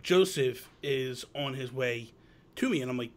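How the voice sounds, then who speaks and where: A man hosting a casual live chat show, telling animated gaming stories and acting out quotes. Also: medium pitch, measured pace. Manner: animated storyteller, acts out quotes. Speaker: host.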